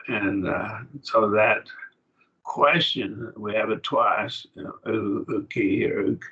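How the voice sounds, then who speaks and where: A man teaching a Bible Greek grammar class over a video call, explaining slowly and asking his students questions. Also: lowish voice, steady tone, sharp tone. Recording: dull lo-fi call audio.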